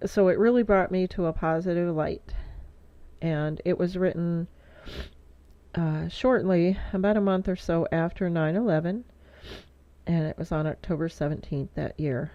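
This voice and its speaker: A woman's voice: on the low side, normal speed, dark tone, no echo. A middle-aged woman vlogging in a casual heartfelt monologue, rambling with lots of fillers, stuffy-nosed and teary. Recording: dull lo-fi dry sound.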